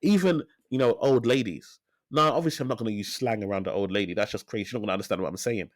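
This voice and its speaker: A man in his thirties, a financial advisor, talking in a casual interview as an energetic storyteller who repeats phrases for emphasis. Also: fairly low pitch, quick pace, dry recording, studio quality. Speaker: financial advisor, podcast guest.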